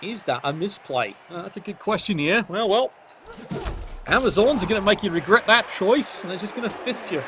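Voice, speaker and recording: Guy doing cheeky sardonic game commentary, highish voice, bit of hiss behind. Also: animated, moderate pace.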